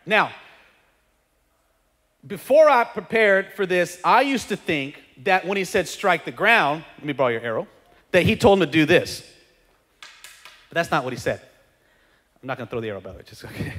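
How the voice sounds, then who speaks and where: Guy pastor preaching, really high voice, big echoey church hall. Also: moderate pace. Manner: animated preaching, shouting at peaks. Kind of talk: sermon. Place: church sanctuary.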